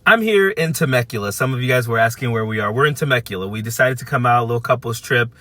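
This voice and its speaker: A man of fifty telling a casual story to camera from his parked car, animated, acting out what people said, with frequent restarts. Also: medium pitch, fast talker, no echo. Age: 50s. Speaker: vlogger. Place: parked at a car charging spot by a busy street.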